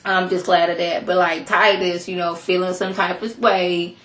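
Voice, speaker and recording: A young woman giving a sassy, chatty recap of a TV episode, full of animated asides. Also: on the low side, moderate pace, reverberant. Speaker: TV episode reviewer. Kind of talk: casual recap commentary.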